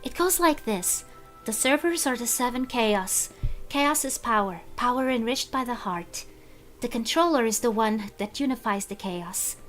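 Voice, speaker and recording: A woman voicing a gentle, kind young female echidna girl in a soft, higher voice. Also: expressive, a little slow, soft background music.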